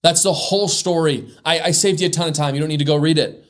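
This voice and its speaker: A man's voice: on the high side, steady tone, fast, echoey room, recorded from a distance, rough recording. A male commentary host reading out news stories and tearing into them with heated, indignant rants.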